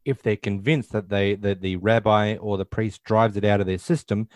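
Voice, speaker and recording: Low-voiced man recapping a film. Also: fairly even intonation, normal speed, dry recording, clean studio sound. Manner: rambling, acts out quotes in passing. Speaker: podcast host. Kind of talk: casual film recap chat.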